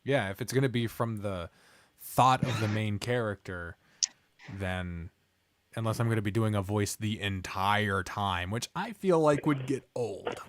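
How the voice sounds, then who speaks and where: A man's voice: lowish voice, measured pace. A man with a Midwestern accent chatting casually on a stream, rambling and trailing off with ums. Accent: Midwestern American. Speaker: streamer and visual novel narrator.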